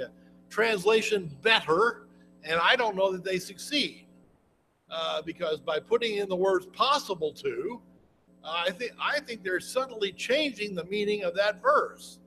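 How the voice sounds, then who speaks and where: A man's voice: sits high, sharp tone, rough recording. A man preaching a Bible lesson in a folksy, conversational way, often restarting his sentences. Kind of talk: sermon, Bible class teaching.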